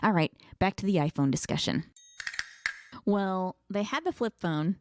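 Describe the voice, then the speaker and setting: A woman's voice: mid-range voice, expressive, unhurried, background noise. A woman co-hosting a podcast in casual chat, steering the talk with dry asides. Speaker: podcast co-host.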